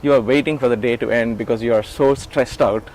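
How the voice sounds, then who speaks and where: Man, middle-aged, interview guest, animated storyteller, acts out quotes, medium pitch. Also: brisk, a little hiss or hum, rough recording. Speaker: interviewee recalling years as an assistant.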